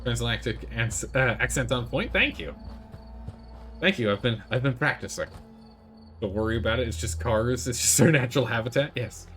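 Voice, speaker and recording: Lively man streaming a video game. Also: mid-range voice, faint music behind. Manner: excitable, joking, quick to panic. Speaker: gaming streamer. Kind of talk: casual gameplay commentary.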